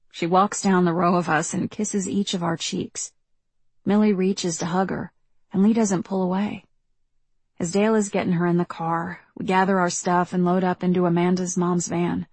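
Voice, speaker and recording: A woman narrating a first-person novel in a measured, reflective telling. Her voice sits low with a husky, breathy texture, and the close studio sound is dry and without room echo. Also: level tone, darkish tone. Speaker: audiobook narrator.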